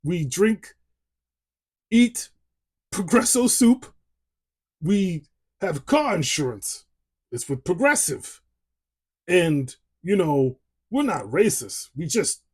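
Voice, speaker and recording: A man's voice: high voice, a little mellow, slightly rough, pitched above the performer's own voice, full character voice. A man putting on an exaggerated Italian-American accent, playing a brash, boastful New York man who grunts and blusters. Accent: exaggerated put-on Italian-American.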